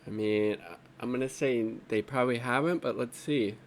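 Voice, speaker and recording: Here the man talks at an ordinary pace in a mid-range voice, musing off the cuff about politics as he browses social media. The commentary rambles, is laced with profanity, and sounds fed up, over a slight background noise.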